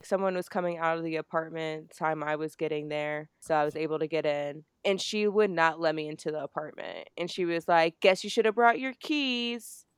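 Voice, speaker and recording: A young woman from New Jersey tells a story on a podcast, speaking low and smooth in a dry, close recording. She is animated and swears a lot, acting out the people she quotes. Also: brisk, few pauses, dry recording. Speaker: podcast co-host. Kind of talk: casual storytelling.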